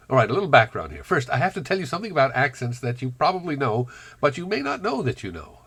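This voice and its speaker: A man from the Bronx with a carefully trained American accent, talking in a wry, reflective vlog monologue with dramatic pauses. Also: mid-range voice, big pitch swings, fairly bright tone, slight background noise. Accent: General American, trained over a Bronx childhood accent. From Bronx, New York. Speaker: vlogger.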